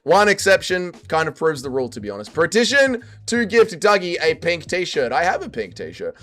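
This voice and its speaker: A young man casually chatting on a livestream and reading viewer comments aloud, jumping between loud quips and low mutters. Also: sing-song, normal speed, soft background music. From Australia. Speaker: streamer reading chat.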